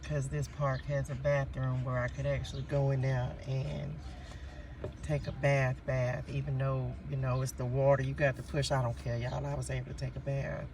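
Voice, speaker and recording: A man telling a story to his viewers in a casual vlog, animated and repeatedly calling them y'all, recorded outdoors at a park on a phone. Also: mid-range voice, normal speed, far from the mic, background noise. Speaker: vlogger.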